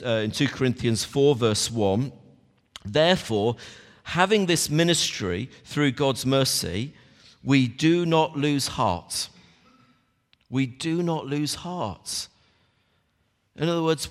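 A male preacher of middle pitch gives a morning sermon in an informal, chatty way, often turning to his listeners. His voice rings out with a long, echoing reverb from a church hall. He sounds like he is talking with the people in front of him rather than reading to them. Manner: conversational, talks straight to the congregation.

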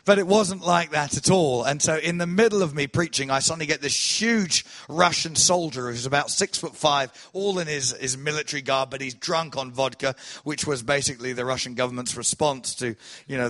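Male preacher, sermon testimony, dramatic swings between loud and soft. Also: medium pitch. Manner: animated storytelling, swells loud then drops soft.

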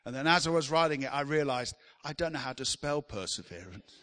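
A man preaching a sermon with passion, often rising to loud, emphatic appeals. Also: mid-range voice, animated, brisk. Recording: long reverb of a large hall.

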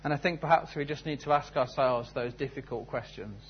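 A man's voice: medium pitch, fairly quick, highs cut off, slight background noise. A man preaching a sermon, telling a story and then asking earnest, searching questions. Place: church service.

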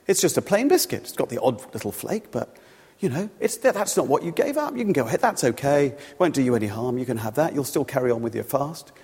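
A preacher putting on a sly devil. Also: male voice, medium pitch, big pitch swings, fast, a little mellow, husky. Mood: coaxing. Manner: sly, coaxing then scornful. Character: scheming male devil, tempter and accuser. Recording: long reverb of a large hall.

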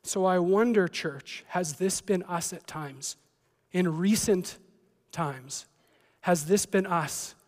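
High-voiced pastor in a reverberant hall. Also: male voice, takes it slowly. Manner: conversational, joking asides. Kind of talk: sermon.

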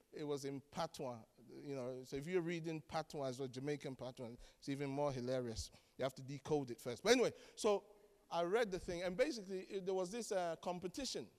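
A man preaching a sermon as pastor, animated and joking, acting out the voices of the people he quotes. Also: a little high, long reverb tail. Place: church.

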